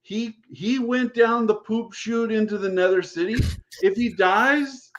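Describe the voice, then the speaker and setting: A man's voice: high-pitched, fairly even intonation, a little slow, fairly bright tone. A man on a video call panel, talking bluntly and emphatically about running games, often repeating himself. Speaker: game master panelist. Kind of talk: casual panel discussion. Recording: dull lo-fi sound.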